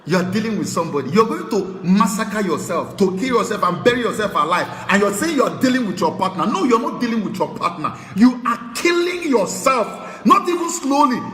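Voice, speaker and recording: A Nigerian man preaching a sermon, swinging between shouts and hushed, pointed warnings. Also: sits high, very animated, brisk, hardly any pauses, faint music behind. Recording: echoey hall with long reverb.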